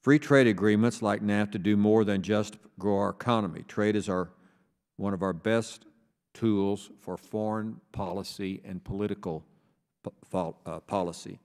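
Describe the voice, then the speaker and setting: A man from Texas chairing a congressional subcommittee hearing, reading a formal opening statement in a measured, deliberate way and slowing down for emphasis. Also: lowish voice, steady tone, darkish tone. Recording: reverberant hearing room.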